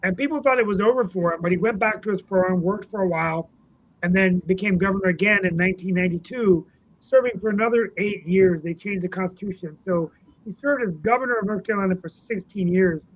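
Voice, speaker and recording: A man co-hosting a political talk show, reminiscing casually about a late politician, with many pauses and fillers. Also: high voice. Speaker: co-host, city councilman. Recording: dull lo-fi sound.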